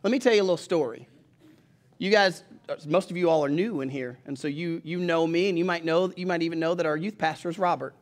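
A man, preaching from the pulpit in a casual, animated storytelling style. His voice sits high for a man, and he often restarts a thought mid-sentence. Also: quick pace. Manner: conversational and animated, with restarts and acted-out dialogue. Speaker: pastor. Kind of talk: storytelling sermon.

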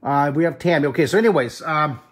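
A man who teaches drawing, chatting in an excitable, rambling way on a live stream, filmed on a handheld phone in a friend's house. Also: fairly high pitch, quick pace. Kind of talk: live-streamed casual chat. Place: living room of a friend's house. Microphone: handheld camera phone.

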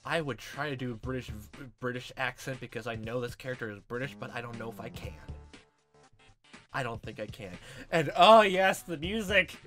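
A man's voice: mid-range voice, moderate pace, a bit bright. A man giving rambling, joking casual commentary while playing through a story game. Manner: rambling, filler-heavy, joking. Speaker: let's-play host. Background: game music.

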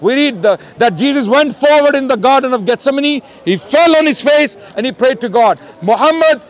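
A man debating in the street, talking loudly and insistently to the camera. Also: very high-pitched, animated, moderate pace. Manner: emphatic, loud and insistent. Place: outdoors on a city street.

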